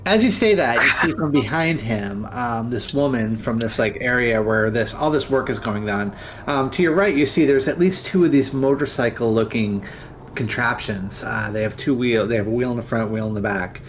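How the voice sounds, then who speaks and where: A man acting as game master, narrating a tabletop game in a halting way with many fillers. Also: mid-range voice, fairly bright tone, slight background noise.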